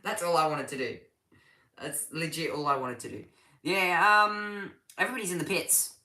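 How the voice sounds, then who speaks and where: A man talks through a live race session in a loose, chatty way, stumbling and restarting his sentences as he answers viewers. His voice is bright and forceful. The sound is roomy, with a clear echo from the space around him. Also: on the high side. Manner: chatty and halting, with frequent restarts while reading chat. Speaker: livestream race commentator. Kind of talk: casual live watch-along commentary.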